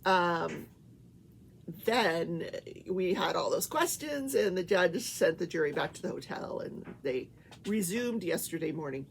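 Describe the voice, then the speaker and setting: A woman's voice: on the low side, animated, unhurried, creaky, a little hiss or hum. An older woman hosting a casual morning talk show, chatting in a rambling way. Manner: chatty, rambling, breaks off to coo at her pets. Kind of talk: casual chat.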